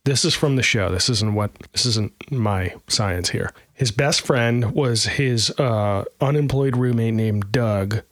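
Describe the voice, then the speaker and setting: A man's voice: mid-range voice, slow pace, hardly any pauses, fairly bright tone, dry recording, studio quality. A man co-hosting a casual podcast, talking in a rambling, self-deprecating way with lots of fillers. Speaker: podcast co-host. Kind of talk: casual chat.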